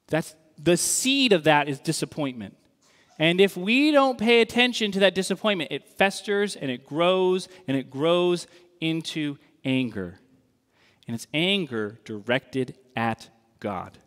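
Slow, earnest male preacher in a hall. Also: a little high, lively intonation, a bit bright. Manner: conversational, earnest, wry. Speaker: pastor. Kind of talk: sermon. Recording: long reverb in a large hall.

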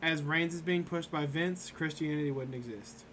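A man's voice: fairly high pitch, moderate pace, fairly bright tone, a little hiss or hum. A young man hosting a casual podcast, recapping matches in a rambling way full of fillers. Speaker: podcast host recapping wrestling. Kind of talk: casual chat.

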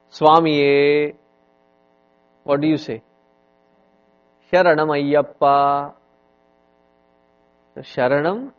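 Slow-spoken swami lecturing. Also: male voice, fairly high pitch. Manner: unhurried, conversational, frequent "you know" fillers. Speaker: swami teaching scripture. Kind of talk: spiritual lecture with storytelling. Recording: dull lo-fi recording.

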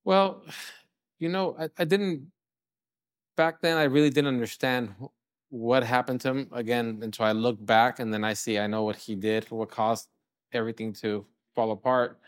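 Chatty chef, dry close sound. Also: male voice, medium pitch, steady tone, moderate pace, dry recording. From California. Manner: rambling, fillers like "you know", acts out quotes. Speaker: chef and restaurant co-owner. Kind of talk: casual storytelling interview.

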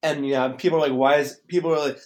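Man, sarcastic, opinionated, slightly higher voice. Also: steady tone, a little mellow. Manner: sarcastic, opinionated, talks fast in bursts. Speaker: podcast host. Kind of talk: casual sports chat.

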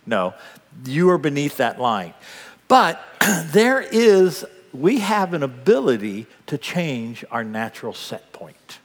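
An older man preaching a sermon, telling stories with big swings between loud bursts and hushed asides. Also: fairly high pitch, big pitch swings, takes it slowly. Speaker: pastor. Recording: long hall reverb.

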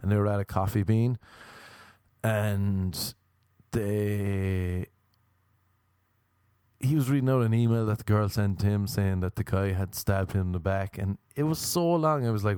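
A man's voice: on the low side, normal speed, mellow, clean tone, no room sound, studio quality. An Irish man delivering a rambling, sardonic comedic rant.

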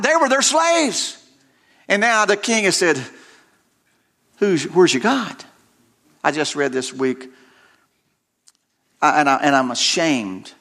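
A man's voice: sits high, sharp tone. A male preacher delivering a sermon, retelling scripture stories dramatically and often repeating words as he restarts his sentences.

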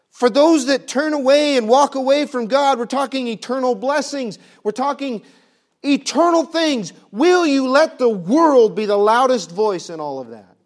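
A male preacher with a high, bright-edged voice drives his sermon with pointed rhetorical questions. He swings between booming emphasis and hushed, intimate lines, and his folksy phrasing keeps it plainspoken.

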